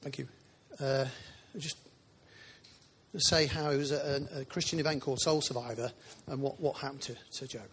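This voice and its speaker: A man's voice: mid-range voice, fairly even intonation, normal speed, a bit bright, slight background noise. A man preaching a sermon in a church, chatty and informal, with asides to the congregation.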